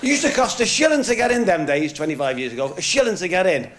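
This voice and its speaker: A man's voice: high voice, very animated, quick pace. A male stand-up comedian telling jokes in a chatty way, full of "you know" asides. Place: club stage before a laughing audience. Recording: crowd noise, noisy 1970s TV recording.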